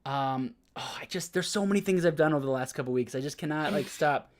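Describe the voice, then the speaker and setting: A man co-hosting a gaming podcast, talking in casual, excited, rambling bursts. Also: on the high side, quick pace. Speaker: podcast co-host. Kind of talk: casual chat.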